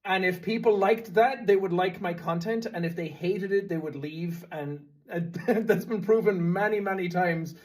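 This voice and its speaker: An Irish man in his thirties talks casually to the camera, chatty and a little self-deprecating. His voice sits slightly high for a man, with a clear Irish lilt. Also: moderate pace, few pauses, a little mellow. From Ireland. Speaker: YouTuber. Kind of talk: casual talking-to-camera explanation.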